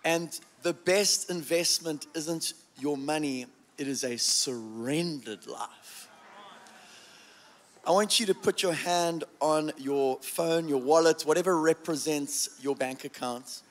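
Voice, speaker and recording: A man's voice: on the high side, takes it slowly. A man leading a congregation in fervent prayer and an offering during a live church service, exhorting them and having them repeat prayers after him. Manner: fervent, exhorting, leads call-and-response prayer.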